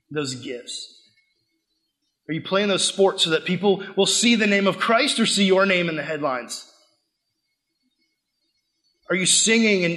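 A young man preaching a sermon to a youth group, swinging between loud emphatic bursts and quiet asides. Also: sits high. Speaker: youth pastor.

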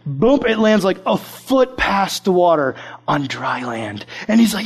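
A man's voice: high-pitched, animated, unhurried, slightly rough. A young man preaching a casual sermon, telling a personal story with acted-out quotes.

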